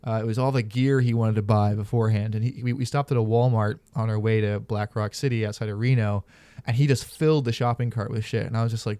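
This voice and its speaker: A man's voice: fairly low pitch, steady tone, fast talker, mellow, dry recording. Dry-sounding man hosting a podcast. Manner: candid, profane storyteller. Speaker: podcast host. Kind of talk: casual chat.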